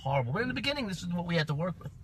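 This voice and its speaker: A man with a somewhat raised voice, co-hosting a casual chat. He tells his story in a halting, loose way. His recording is noisy, with a clear road hum behind him. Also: high-pitched, big pitch swings, a bit bright. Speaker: podcast co-host.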